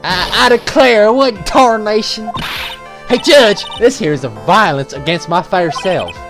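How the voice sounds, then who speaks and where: A player voicing a brash young female photographer in a put-on Southern drawl, loud and folksy, reading game lines. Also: medium pitch, expressive, unhurried, music in the background, voice pushed up. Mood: indignant. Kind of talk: voicing game dialogue while playing.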